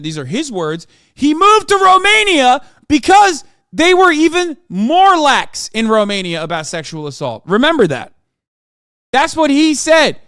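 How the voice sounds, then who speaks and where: A man's voice: high voice, fairly bright tone, dry recording, studio quality. A man hosting a casual live-stream reaction, talking bluntly with lots of swearing and incredulous outbursts. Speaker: streamer host.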